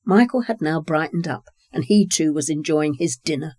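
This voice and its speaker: A calm narrator reading a short story at a measured pace. The voice is mellow and warm, recorded close and dry with no room sound. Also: medium pitch, no room sound.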